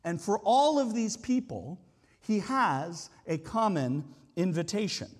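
A man's voice: high voice, sing-song, slow. A man preaching a sermon as a pastor, talking in a conversational, explanatory way with frequent hedging asides. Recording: long hall reverb.

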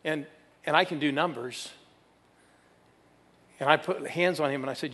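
Male preacher, sermon, energetic, audience call-and-response, slightly high voice, long church reverb. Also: normal speed, long pauses. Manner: energetic, calls for crowd responses. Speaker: guest preacher. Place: church sanctuary.

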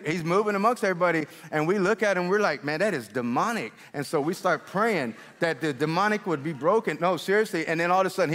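A man preaching a sermon and telling stories, animated and repeating words as he gets excited. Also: on the high side, big-room sound. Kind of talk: sermon storytelling. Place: church hall.

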